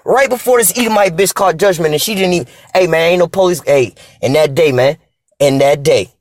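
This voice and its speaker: Man, preachy casual rant, rapid delivery, slightly high voice, dry close sound. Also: no echo. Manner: profane and repetitive, tags lines with "man"; preachy, scripture-quoting. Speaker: vlogger reading articles aloud.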